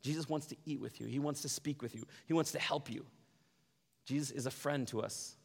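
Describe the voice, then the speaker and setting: A man preaching a sermon as pastor, animated, often acting out quoted voices. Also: medium pitch, a little fast, vocal fry, breathy edge. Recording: long hall reverb.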